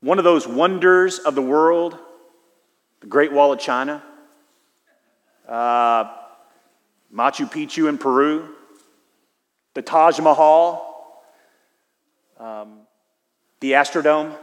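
A middle-aged man from Houston preaching a sermon as pastor, telling stories in a lively, conversational way with frequent restarts. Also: a little high, takes it slowly, long pauses. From Houston, Texas. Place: church sanctuary. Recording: long hall reverb.

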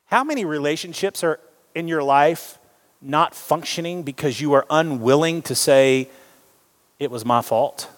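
A man preaching a sermon, animated and joking with the congregation. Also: a little high, unhurried. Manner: animated, jokes with the congregation, acts out quoted voices. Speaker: pastor. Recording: long reverb of a large hall.

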